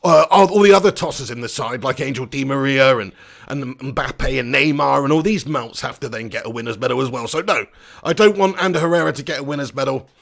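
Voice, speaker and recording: A man's voice: medium pitch, a little fast, creaky, fairly bright tone. A man who hosts a live football watch-along, commenting on the match and reading viewers' comments in a jokey, rambling way. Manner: chatty, jokey, rambling, banter-heavy.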